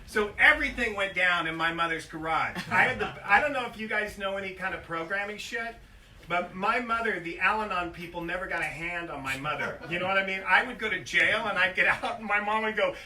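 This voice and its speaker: A man's voice: high voice, a little fast, pushed and bright. An older man reading his own memoir aloud at a bookstore event, profane and self-mocking, drifting into comic tangents. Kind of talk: live book reading with comic asides. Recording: echoey store room, heard from far off.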